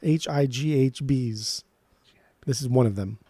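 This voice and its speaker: A man's voice: medium pitch, measured pace, dark tone, no room sound. Blunt, profane man in casual chat. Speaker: podcast co-host.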